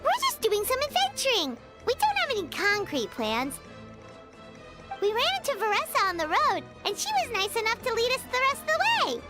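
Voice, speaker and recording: A woman voicing a tiny, chirpy, excitable girl companion in a video game, speaking about herself in the third person. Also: very high-pitched, fairly quick, full character voice. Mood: eager. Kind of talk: game voice acting. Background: game music.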